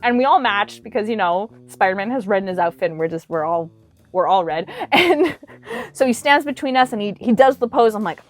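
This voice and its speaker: A young woman telling a cosplay story to camera in a bubbly, animated way, with lots of "like" fillers. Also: medium pitch, a little fast, soft background music. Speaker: cosplay vlogger.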